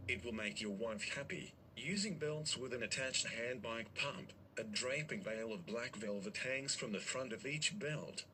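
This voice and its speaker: Male storyteller, excitable and crude, bright tone, faint background noise. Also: medium pitch. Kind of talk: improvised story narration.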